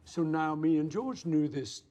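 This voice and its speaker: A man's voice: a little high, measured pace, over loud music. A man in his seventies, an interview guest reminiscing in conversation, telling anecdotes and acting out old quotes. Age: 70s. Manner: anecdotal, acts out quotes with lively asides.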